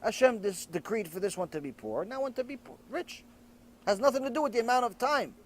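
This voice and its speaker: A man's voice: very high-pitched, lively intonation, a little fast. A man, a rabbi, giving a Torah lecture and acting out a story's dialogue as he tells it.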